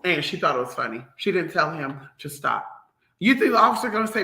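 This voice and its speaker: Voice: medium pitch, fast, gravelly, pushed and bright, reverberant. A vlogger ranting to the audience in a sassy, profane, emphatic way. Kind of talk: ranting commentary to camera.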